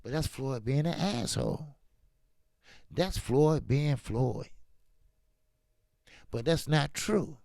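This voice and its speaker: Medium-pitched with vocal fry, this man speaks slowly and takes long pauses; the recording is dry and studio quality. He's an animated, emphatic boxing talk show host on a casual livestream, prone to slang.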